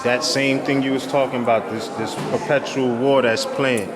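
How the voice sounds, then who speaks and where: A male host speaks in a steady, agreeable way at a middle pitch. Loud crowd chatter fills the background. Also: moderate pace. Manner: steady, agreeing, backchannels often. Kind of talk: casual chat.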